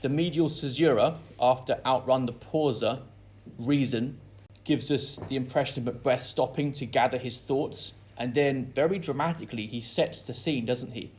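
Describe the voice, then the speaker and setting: A man's voice: mid-range voice, normal speed, darkish tone. A man teaching a lesson that analyses a play, reading quoted lines aloud with dramatic stress before explaining them. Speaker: English literature teacher.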